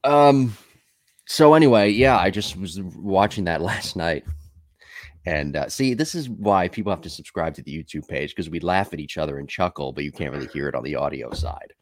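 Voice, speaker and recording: A man's voice: sits low, lively intonation, normal speed, no room sound, studio quality. A man hosting a podcast in casual chat, telling rambling stories with many fillers and asides. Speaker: podcast host.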